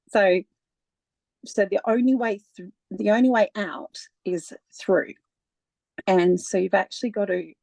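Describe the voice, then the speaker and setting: A woman speaking as a guest in a relaxed, conversational personal account, with frequent laughs and many fillers. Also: medium pitch, vocal fry, no room sound.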